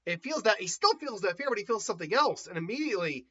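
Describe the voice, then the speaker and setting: Animated, husky-voiced man retelling a story. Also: high-pitched, fast talker. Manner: animated, laughs often, acts out voices. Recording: dull lo-fi recording.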